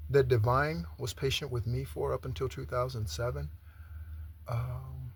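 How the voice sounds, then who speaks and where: Speaking from his home in Southern Arizona, a tarot reader with a mid-range, slightly rough voice gives a spiritual reading. He keeps it chatty and often checks in with "okay?".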